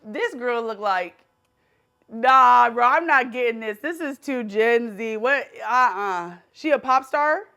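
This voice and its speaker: A high-voiced woman hosts her own show, her pitch swinging wide as she talks. Her manner is casual, slangy and full of exclamations. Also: expressive, takes it slowly, bright, forceful tone. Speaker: show host. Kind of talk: casual chat guessing celebrities.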